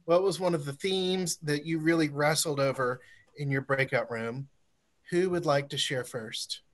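A man with a somewhat high voice hosts a church forum over a video call. He talks in a friendly, coaxing way as he calls on participants to share. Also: moderate pace. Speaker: forum host.

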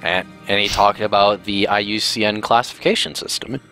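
A man doing casual let's play commentary with wry, deadpan jokes. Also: fairly low pitch, fairly quick, soft background music.

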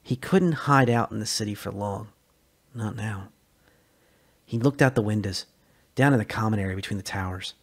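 A man narrating a science fiction story as a dramatic reading, with measured storytelling. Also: on the low side.

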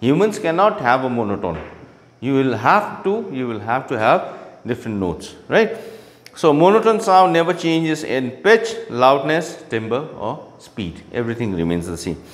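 A man's voice: mid-range voice, big pitch swings, a little slow, long reverb tail. Man teaching an online class. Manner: explanatory, frequent "okay" and "right?" checks.

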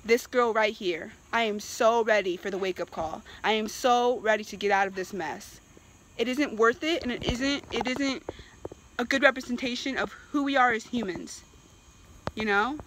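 A woman's voice: on the high side, normal speed, fairly bright tone, slight background noise, rough recording. A woman from Virginia ranting in a vlog, exasperated and emphatic, repeating herself for emphasis. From Virginia, USA. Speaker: vlogger. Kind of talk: impassioned opinion rant.

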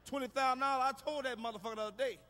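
A man doing a stand-up comedy routine on stage, ranting loudly with a profane, hard-hitting delivery. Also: very high voice, fairly even intonation, very fast, big-room sound.

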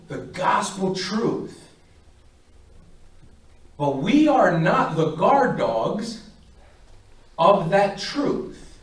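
A man giving a faith talk to a parish group, telling stories and acting out each voice in them. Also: fairly high pitch. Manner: animated, acts out both sides of stories. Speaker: parish speaker. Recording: echoey hall, far from mic.

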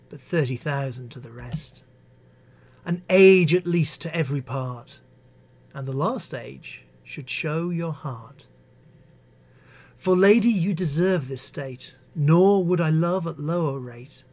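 A man who teaches English, reading poems aloud with expressive, measured delivery and breaking off into hesitant spoken asides. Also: a little high. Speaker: English teacher hosting a live stream. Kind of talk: poetry reading with commentary.

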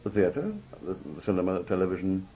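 A man from Liverpool with a very low, deep voice talks through his career as a broadcaster, spinning anecdotes with a raconteur's flair. He slips into other people's voices when he quotes them, and a faint hum sits under the recording. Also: brisk, warm tone. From Liverpool, England. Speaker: television announcer being interviewed. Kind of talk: relaxed anecdotal interview talk. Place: outdoor country fair at a cricket ground.

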